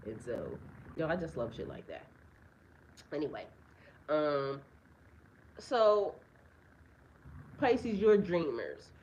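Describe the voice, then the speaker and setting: Her voice sits low with big pitch swings, and she takes it slowly, pausing often; the sound is lo-fi with a little hiss or hum. Outdoors in a yard with birds nearby, this spiritual reader and life coach gives a casual astrology reading, speaking bluntly, swearing heavily, and often breaking into laughter.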